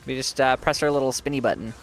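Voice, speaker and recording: A man's voice: medium pitch, fairly even intonation, fast. Chatty, often-laughing male game streamer. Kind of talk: casual live-stream gameplay commentary.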